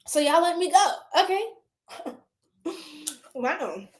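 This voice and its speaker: A woman's voice: very high voice, very animated, slow pace. Chatty woman tarot livestreamer. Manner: chatty, swears, laughs often, talks to chat. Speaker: tarot reader livestream host. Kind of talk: casual livestream chat with viewers.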